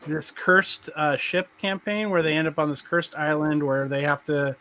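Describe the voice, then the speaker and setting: A man's voice: on the high side, fairly even intonation, moderate pace, sharp tone, low-quality recording. A middle-aged man hosting a live podcast, chatting casually and rambling with many restarts. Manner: rambling, restarts often, laughs as he talks. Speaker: podcast host. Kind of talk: casual chat on a live stream.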